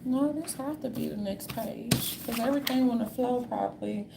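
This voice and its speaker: A woman in a casual monologue, reading from notes in a sassy manner and calling listeners darlings, with a gravelly voice. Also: on the high side, moderate pace, background noise.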